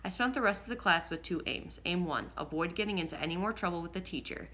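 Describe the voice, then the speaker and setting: Bright-voiced woman reading an audiobook. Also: lowish voice, fast. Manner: lively, expressive reading with occasional slips and rereads. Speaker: audiobook narrator. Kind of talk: first-person audiobook reading.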